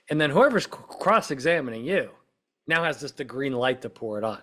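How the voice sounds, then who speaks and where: A man's voice: a little high, expressive, fairly quick, fairly bright tone. A man hosting a podcast, explaining in a casual, conversational way and checking in with the listener as he goes. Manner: conversational, peppers points with "right?" and "okay?"; acts out quoted speech in short bursts. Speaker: podcast host, witness-prep consultant.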